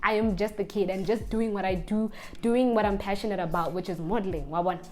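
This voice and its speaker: A young woman, telling a casual storytime vlog in an animated way. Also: medium pitch, quick pace. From Botswana. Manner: animated storyteller, acts out the people she quotes. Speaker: vlogger.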